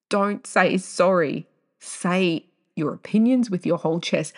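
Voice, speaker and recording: A woman's voice: lowish voice, measured pace. Rambling young woman podcaster. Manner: rambling, goes off on tangents; loud bursts of laughing exclamation. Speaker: podcast host. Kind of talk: casual solo podcast monologue.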